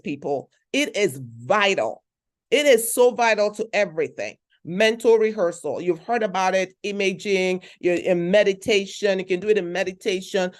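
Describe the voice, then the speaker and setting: A woman giving an emphatic motivational talk, repeating her points and checking in with the audience. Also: mid-range voice. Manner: emphatic, repeats phrases, asks the audience questions. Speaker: speaker at a conference.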